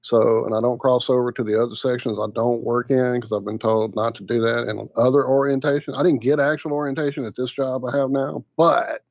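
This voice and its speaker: A man's voice: medium pitch, steady tone, brisk, gravelly, few pauses, a little mellow, dry recording. A man with a mid-range voice chats on a podcast in a wry, sarcastic way. The sound is dry, close and a bit dull, with a lo-fi tone. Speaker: podcast co-host. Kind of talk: casual chat.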